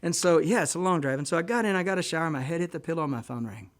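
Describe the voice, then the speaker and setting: A man from Texas, a guest musician telling a long rambling story in a casual, animated way on a radio show. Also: a little high, very fast.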